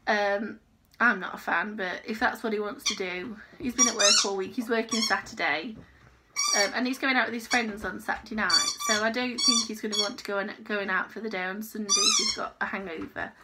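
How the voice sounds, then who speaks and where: A woman's voice: medium pitch, sing-song, fairly quick, very noisy. A woman chatting casually and rambling in a crochet vlog from her home. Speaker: crochet vlogger. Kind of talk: casual chat.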